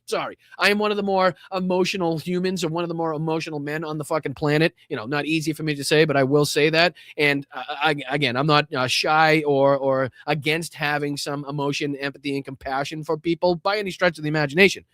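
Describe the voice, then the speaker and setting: Brief: middle-aged Boston man, live-stream host, blunt and profane, fairly high voice, dry close sound. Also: fairly even intonation, quick pace, few pauses, a bit bright, no room sound. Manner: blunt and profane, thanks chatters by name, many fillers and restarts. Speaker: live-stream host reading viewer donations. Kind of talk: casual live-stream commentary.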